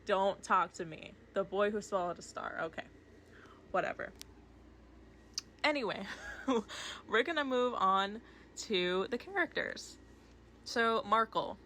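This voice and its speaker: A woman's voice: medium pitch, animated, takes it slowly, pauses often, pushed and bright, a little hiss or hum. A young woman rambling casually about a film at her desk while drawing, gushing and chatty, with lots of fillers. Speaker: art vlogger. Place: home desk with her cat. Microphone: desk microphone.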